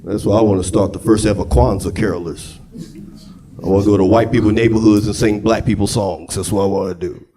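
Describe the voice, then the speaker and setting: A male stand-up comedian doing a raunchy set on a club stage, profane and shouting his punchlines into a handheld mic. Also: lowish voice, steady tone, brisk, a crowd in the background. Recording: live club with loud audience laughter.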